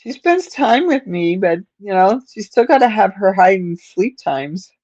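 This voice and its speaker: A woman's voice: mid-range voice, animated, measured pace, darkish tone, no room sound, dull audio. Sleepy, stuffed-up woman livestream host. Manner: rambling, talks to her cat and viewers. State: stuffed-up nose, sleepy and yawning. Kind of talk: casual livestream chat.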